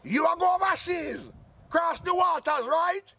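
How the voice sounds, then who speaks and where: A man's voice: extremely high pitch, a little slow, gravelly, pushed and bright, shouting, a little hiss or hum, full character voice. A man doing a blustering old Jamaican uncle. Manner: blustery, boasting, scolding. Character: boastful old Jamaican uncle, proud ex-soldier. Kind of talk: comic sketch acting.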